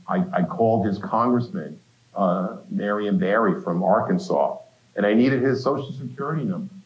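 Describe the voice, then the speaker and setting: In an echoey lecture hall, a lowish-voiced man lectures university students conversationally, talking right to them with quips. The sound quality is lo-fi.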